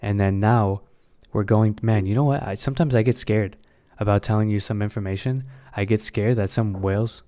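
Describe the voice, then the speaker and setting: Blunt, swearing young man with a mellow voice. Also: fairly low pitch, fairly even intonation, moderate pace. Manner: blunt, swears often, repeats himself. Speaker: crypto trading streamer. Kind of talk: casual live-stream market talk.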